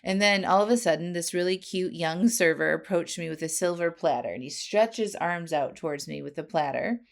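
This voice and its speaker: Animated woman podcast host, lowish voice. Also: fairly quick, creaky. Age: 40s. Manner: animated and earnest, with frequent laughs and "right?" asides. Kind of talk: personal storytelling monologue.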